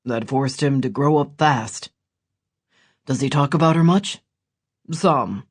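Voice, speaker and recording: A man voicing Gideon, a quiet ex-soldier. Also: mid-range voice, slow pace, slightly rough. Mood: earnest. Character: Gideon, reformed ex-soldier older brother. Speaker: audiobook character voice.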